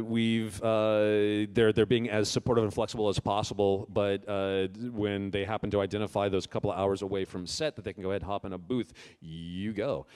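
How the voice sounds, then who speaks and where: A man's voice: lowish voice, a little mellow, smooth. A man hosting a convention panel as director, talking casually with frequent fillers and restarts. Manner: halting, full of filler words and restarts.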